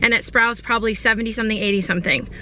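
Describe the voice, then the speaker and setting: A woman's voice: fairly high pitch, racing, sharp tone, slight background noise. A young woman in a chatty, upbeat casual vlog, listing her grocery haul item by item. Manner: chatty, upbeat, lists items. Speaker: vlogger.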